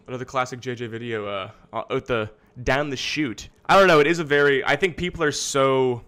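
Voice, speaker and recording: A man's voice: medium pitch, fairly bright tone. A man hosting a livestream from his studio, talking in a rambling, exasperated way with plenty of swearing. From Canada. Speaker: streamer host. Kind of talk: casual livestream commentary.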